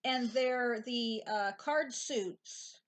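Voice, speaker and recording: A woman in relaxed, rambling casual chat who teases her friend. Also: a little high, very slow. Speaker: host.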